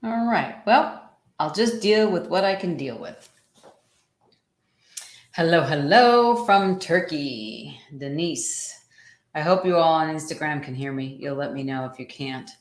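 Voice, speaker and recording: A woman's voice: sits low, animated, unhurried. A woman hosting a casual livestream, chatting to viewers, greeting them by name and often repeating her words. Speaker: livestream host and coach. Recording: echoey room sound.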